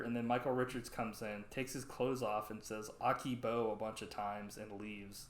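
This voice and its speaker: Rambling podcast co-host in an echoey room. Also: male voice, medium pitch, moderate pace. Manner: rambling, animated retellings with acted-out quotes. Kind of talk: casual chat reviewing old sketches. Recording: roomy echo.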